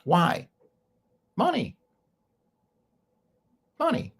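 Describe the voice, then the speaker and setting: A man's voice: sits high, huge pitch swings, drawn-out words, gravelly, fairly bright tone, slightly rough. A man hosting a show, talking in a rambling, opinionated way and laughing often. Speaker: host. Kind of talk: casual monologue.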